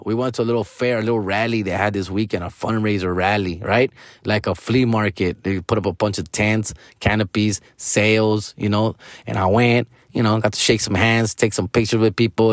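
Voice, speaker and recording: A man's voice: on the low side, dry recording, studio quality. A man, telling stories in a casual, profane way, tossing in "fool", "dog" and Spanish slang. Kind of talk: casual storytelling chat.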